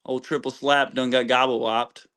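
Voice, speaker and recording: A man's voice: medium pitch, flat delivery, normal speed, fairly bright tone, smooth. A man joining a livestream panel as a guest, arguing in an earnest, pushy way and pressing his point. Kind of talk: casual argumentative panel talk.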